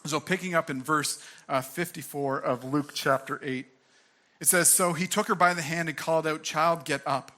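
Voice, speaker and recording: A man's voice: on the high side, steady tone, normal speed, bright, forceful tone. A young man giving a sermon as pastor, earnest and conversational, full of fillers and restarts.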